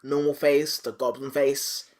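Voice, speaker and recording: A man hosting a podcast, recapping a cartoon in animated, profane casual chat and acting out the characters. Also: mid-range voice, a little slow. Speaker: podcast host.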